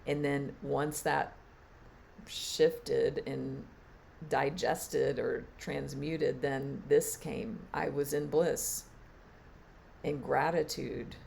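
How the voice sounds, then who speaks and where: A woman teacher giving a reflective spiritual talk on a live stream, halting and trailing off with fillers. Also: very deep voice, level tone, creaky, darkish tone, a little hiss or hum. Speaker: meditation and Reiki teacher.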